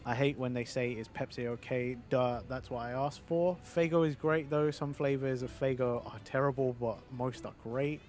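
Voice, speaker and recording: A man's voice: medium pitch, fairly even intonation, normal speed, hardly any pauses, darkish tone. A British man streaming a game in casual chat, rambling, swearing and answering his viewers.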